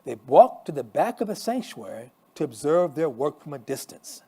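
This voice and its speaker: A male pastor reads a story aloud in a fairly high voice. His pitch rises and falls a great deal, and he stumbles and restarts now and then. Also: moderate pace, slightly rough. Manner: expressive storytelling with small restarts. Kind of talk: reading a Christmas story aloud.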